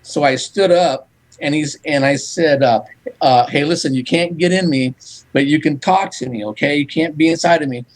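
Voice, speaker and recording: A man talking as a psychic medium guest, recounting events in animated storytelling and quoting back-and-forth dialogue. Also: fairly high pitch, moderate pace, rough recording. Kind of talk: storytelling in a radio interview.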